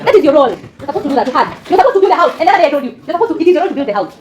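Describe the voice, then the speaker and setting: A woman's voice: high-pitched, expressive, rapid-fire, hardly any pauses, a little mellow. A woman teaching a classroom lesson, often quizzing students with fill-in questions and laughing. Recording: echoey classroom with student chatter.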